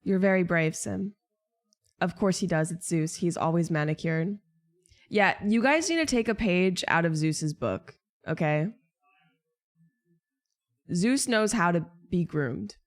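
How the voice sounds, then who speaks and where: A woman's voice: lowish voice, animated, a little slow, long pauses. A young woman streamer chatting casually and jokingly, answering her chat.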